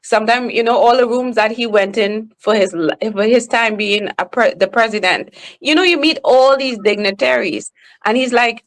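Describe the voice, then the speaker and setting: A woman with a Trinidadian accent, a professional speaker talking candidly and emphatically as a podcast guest. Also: a little high. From Trinidad and Tobago. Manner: candid and emphatic, slows down on purpose. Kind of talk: casual conversation.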